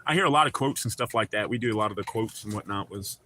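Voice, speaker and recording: A man's voice: fairly low pitch, fast talker, sharp tone, slight background noise. A man hosting a livestream, chatting casually and profanely with viewers and joking around. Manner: profane, joking, talks back to chat. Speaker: livestream host.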